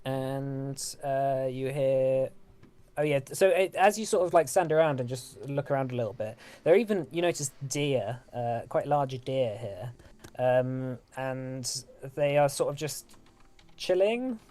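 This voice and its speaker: A man runs a tabletop fantasy game, describing scenes in a relaxed, halting way. He uses many fillers as he narrates. His voice sits at an average pitch. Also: clear, resonant tone. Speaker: game master.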